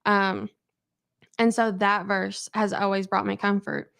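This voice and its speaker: A woman speaks in a church Bible study, first reading scripture, then talking casually. Her voice has some vocal fry, and her delivery rambles with many fillers. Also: mid-range voice, little pitch movement, a little slow, a bit bright, no room sound, studio quality. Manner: rambling, heavy use of "like". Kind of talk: casual personal sharing.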